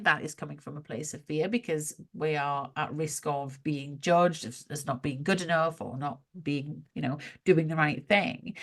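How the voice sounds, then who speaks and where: A woman co-hosting a podcast, chatting casually about spiritual ideas, animated and quick to laugh. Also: low-pitched. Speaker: podcast co-host.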